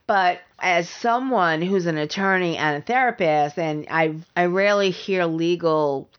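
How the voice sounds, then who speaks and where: A woman's voice: lowish voice, a little slow, smooth. A middle-aged woman hosting a solo podcast, talking bluntly and emphatically and repeating her points for stress. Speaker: podcast host. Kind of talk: opinionated solo podcast talk. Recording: slightly dull lo-fi recording.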